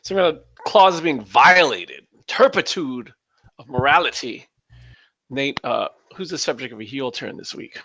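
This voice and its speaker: A man's voice: medium pitch, lively intonation, unhurried, sharp tone, no room sound. A man hosting a podcast in casual chat, telling a story in a laid-back way and chuckling. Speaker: podcast host.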